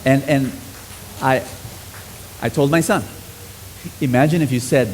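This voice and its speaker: Middle-aged guy preaching, loud then hushed, slight hiss on the recording. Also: measured pace, rough recording. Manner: animated, swings between loud exclamations and soft low lines. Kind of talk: sermon.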